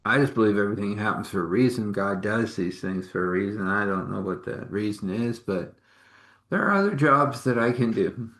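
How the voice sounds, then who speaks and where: A man's voice: lowish voice, animated, fairly quick, fairly bright tone. A man voicing a woman accountant who has just been let go, taking it in stride in his own easygoing voice. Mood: unbothered. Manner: shrugging, easygoing, faith-filled. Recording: echoey room.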